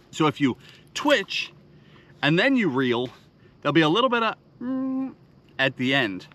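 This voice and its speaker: A man's voice: a little high, fairly bright tone. A man teaching a fishing seminar, speaking emphatically and counting out rhythms with punchy sound words. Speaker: fishing instructor. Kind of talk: instructional seminar.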